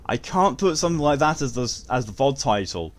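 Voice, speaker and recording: A man casually chatting while streaming a game, relaxed and swearing now and then. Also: medium pitch, fairly quick. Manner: laid-back, swears casually. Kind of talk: casual gameplay commentary.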